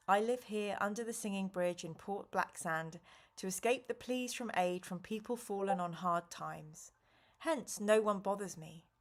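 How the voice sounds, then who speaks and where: A woman voicing a weary, stern old male wizard who speaks calmly and in measured tones while reading a gamebook aloud. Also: mid-range voice, lightly acted.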